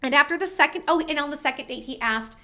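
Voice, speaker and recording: A woman with a high, bright voice chats to the camera from her home setup, rambling through a personal story. She talks in a casual, self-deprecating way, with plenty of restarts and asides. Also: fast. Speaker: vlogger.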